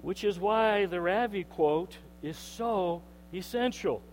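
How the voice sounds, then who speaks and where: A man preaching a sermon in an animated way, acting out the voices of the people he quotes. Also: sits high, takes it slowly. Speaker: pastor. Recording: long hall reverb, mains hum.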